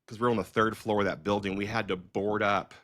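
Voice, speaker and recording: A middle-aged man, a filmmaker hosting a podcast, telling stories in a casual, animated way with many fillers and restarts. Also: lowish voice, fairly quick, no room sound, studio quality. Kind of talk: casual storytelling conversation.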